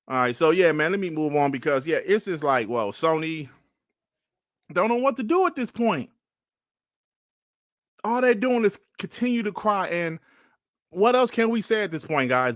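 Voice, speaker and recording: A man hosting a gaming podcast, ranting in an exasperated, animated way on a livestream, repeating himself and sighing between phrases. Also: on the high side, moderate pace, long pauses, no echo, clean studio sound. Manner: sighs and coughs between phrases. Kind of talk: livestream commentary and rant.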